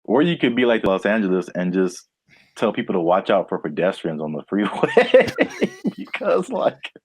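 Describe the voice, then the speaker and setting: A man's voice: deep voice, sing-song, moderate pace, a little hiss or hum. A man from California co-hosting a casual podcast, playful and rambling, laughing often. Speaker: podcast co-host.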